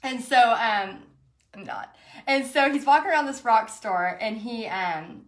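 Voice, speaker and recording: Chatty woman with a higher voice. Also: expressive, measured pace. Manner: chatty storytelling with frequent laughs. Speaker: painting instructor hosting an online paint party. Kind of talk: casual chat while painting.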